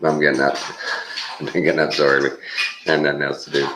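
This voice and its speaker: A man's voice: very deep voice, level tone, fairly quick, heavy background noise. An older man from Texas with a Texan drawl, rambling folksy and chuckling through a casual morning vlog. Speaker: vlogger.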